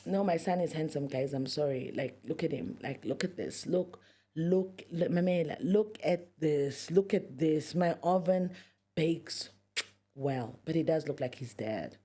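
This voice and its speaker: A woman in her forties telling a personal story in an emphatic, animated way, mixing in local words. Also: deep voice, a little slow. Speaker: vlogger. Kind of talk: venting storytelling vlog.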